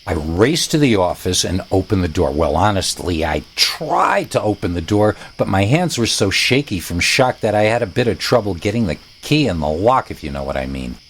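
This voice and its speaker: A man narrating a scary story in a low voice that swoops up and down with plenty of expression. His storytelling is animated, with a dry, joking edge. Faint crickets chirp in the background. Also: normal speed, hardly any pauses, slight background noise. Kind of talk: scripted narration.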